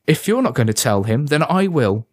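Smug older-sister type, raised pitch, teasing; male narrator voices her. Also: sing-song, moderate pace. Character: teasing teenage girl, smirking older sister.

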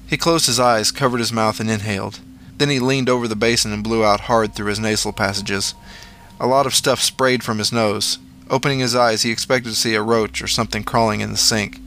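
A man reading a horror story aloud in a measured, dramatic storytelling manner. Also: on the low side, steady tone, fairly bright tone. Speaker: narrator. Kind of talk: scripted horror story narration.

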